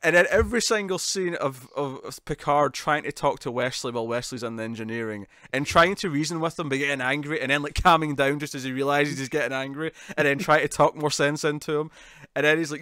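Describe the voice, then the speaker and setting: A man co-hosting a casual TV review chat, laughing often and slipping into animated impressions of characters. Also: a little high, quick pace, few pauses, dry recording, clean studio sound. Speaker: podcast co-host.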